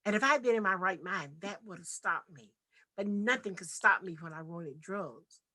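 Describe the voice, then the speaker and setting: A woman's voice: fairly low pitch, animated, moderate pace, bright, forceful tone. A woman from Nashville giving an earnest, heartfelt personal testimony as a podcast guest. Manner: earnest, heartfelt, vivid retelling.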